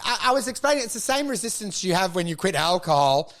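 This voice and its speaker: Animated high-voiced man. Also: quick pace. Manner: animated, swearing, swings into loud put-on voices. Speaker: podcast co-host. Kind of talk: casual podcast chat.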